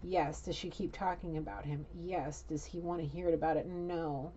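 A woman's voice: sits low, fairly even intonation, normal speed, mellow, lo-fi sound, slight background noise. A woman giving a rambling, blunt psychic reading in a casual, chatty way. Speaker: psychic tarot reader.

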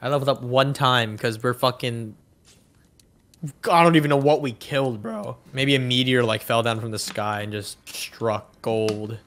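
A man's voice: mid-range voice, steady tone, moderate pace, a bit bright. A young man co-hosting a co-op game session, swearing and joking with his partner. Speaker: gaming co-host. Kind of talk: co-op gameplay banter.

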